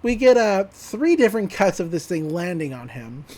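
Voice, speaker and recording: A man with a high voice talks through an anime episode on a podcast. His retelling rambles, full of fillers and little laughs. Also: big pitch swings, moderate pace, a little mellow. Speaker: podcast co-host. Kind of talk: casual anime episode recap.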